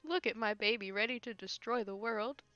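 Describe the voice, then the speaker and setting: A woman's voice: on the high side, normal speed, sharp tone, no room sound. A woman streamer giving casual gameplay commentary, laughing often and making sarcastic, teasing remarks. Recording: dull lo-fi stream audio with faint game music.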